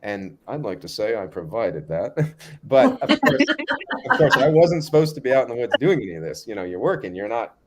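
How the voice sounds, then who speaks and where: Guy telling a story on a podcast, super animated, voice jumps all over. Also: medium pitch, normal speed, over a noisy crowd. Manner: animated, acts out other people's lines. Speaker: guest storyteller. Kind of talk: casual anecdote telling.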